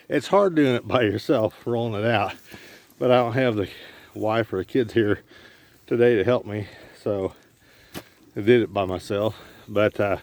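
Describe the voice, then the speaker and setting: A man's voice: on the low side, moderate pace, long pauses, darkish tone, no room sound. A middle-aged man casually narrating his farm chores outdoors, rambling with lots of fillers, recorded on a handheld camera. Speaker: homesteader vlogger. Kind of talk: casual vlog narration while doing chores. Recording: noisy outdoor camera audio. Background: animals and a vehicle.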